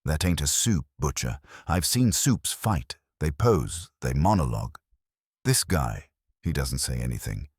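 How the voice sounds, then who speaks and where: A man's voice: very deep voice, very animated, a little slow, slightly rough, dry recording, clean studio sound, full character voice. A man voicing a grim, plainspoken, hard-bitten team member.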